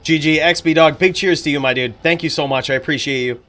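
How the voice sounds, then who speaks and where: Bright-voiced casual male streamer. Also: a little high, quick pace. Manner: casual, profane, blunt opinions. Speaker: streamer and commentator. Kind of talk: live-stream chat and game fight commentary.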